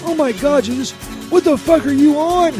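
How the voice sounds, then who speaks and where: At a moderate pace and an extremely high pitch, a man co-hosting a comedy radio bit voices a whiny, beaten-up male saint who curses, stammers and can't stop being confused. Loud music fills the background.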